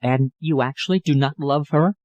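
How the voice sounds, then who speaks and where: A man voicing a grave, gently firm young woman. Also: moderate pace, no room sound, dull audio, natural voice. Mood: doubtful. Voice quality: low, sweet voice. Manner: cool, earnest, regretful.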